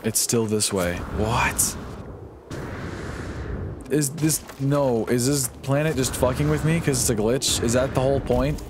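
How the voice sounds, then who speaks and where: Excitable swearing male game streamer. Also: measured pace, a little hiss or hum. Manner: excitable, swearing, jumps into high-pitched yelps. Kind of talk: live gameplay commentary. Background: game music.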